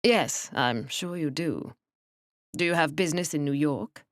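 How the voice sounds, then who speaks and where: A woman voicing a dry, sardonic man, speaking acidly in a low register. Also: animated, brisk, no room sound. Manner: dry, acid. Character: dry, sardonic Englishman, weary agent.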